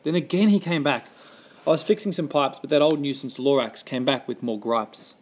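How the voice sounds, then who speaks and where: A man reading a rhyming children's story aloud with a lively, rhythmic delivery. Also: mid-range voice, moderate pace.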